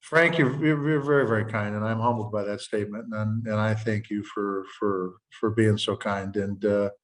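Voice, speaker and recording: A man's voice: lowish voice, fairly even intonation, moderate pace, far from the mic, rough recording. An older man, a senator from Montana, speaking in an earnest, folksy, plain-spoken way on a video call.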